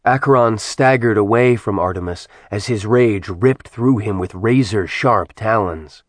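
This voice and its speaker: A man reading a dramatic fantasy audiobook aloud in steady, dramatic storytelling narration. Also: lowish voice, unhurried, dry recording. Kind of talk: scripted narration.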